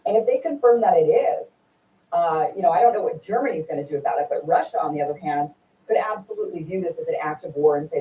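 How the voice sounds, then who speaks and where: A woman hosting a political interview, animated and indignant, firing rhetorical questions. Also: low voice, quick pace. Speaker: host. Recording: echoey room from far off.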